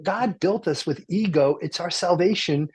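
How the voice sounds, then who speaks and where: A man's voice: sits high, normal speed, a little mellow, slightly rough. A man hosting a radio talk show from a car dealership, rambling and joking with plenty of fillers and restarts. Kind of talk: casual chat.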